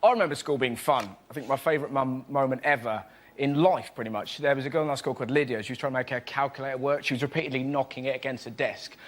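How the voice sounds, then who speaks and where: A man's voice: mid-range voice, fairly even intonation, fast talker. A British man doing a chatty stand-up bit on a panel show. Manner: chatty, acts out voices. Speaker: comedian. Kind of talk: stand-up routine. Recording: TV studio with heavy noise.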